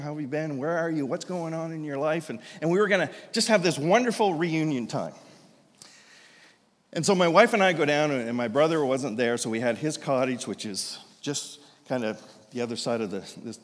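A man in his fifties, a pastor telling a story in a sermon, animated and self-deprecating, with frequent restarts. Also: mid-range voice. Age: 50s. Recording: long hall reverb.

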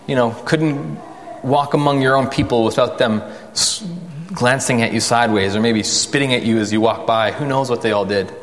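A man preaching a sermon in a conversational way, asking the listeners questions and slowing down for emphasis. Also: mid-range voice, big-room sound. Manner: conversational, rhetorical questions, dramatic slow emphasis.

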